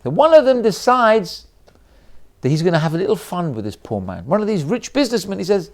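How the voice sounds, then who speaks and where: High-voiced, animated rabbi telling a story. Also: male voice, fairly quick. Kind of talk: storytelling sermon.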